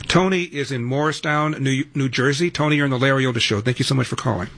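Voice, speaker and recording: A male radio talk show host with a slightly husky voice. He reads appeals and phone numbers in a steady, firm delivery. With callers he turns emphatic and pointed. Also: medium pitch, fast talker. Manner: emphatic, rising to exasperated lecturing at callers. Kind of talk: talk radio monologue and ad read.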